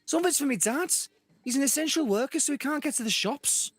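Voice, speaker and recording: A squeaky, indignant young Scouser pleading his case in a comedy sketch. His Liverpool voice is pushed far up into a high, whiny register. The sound is dry and close. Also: animated, fast talker, a bit bright, no room sound.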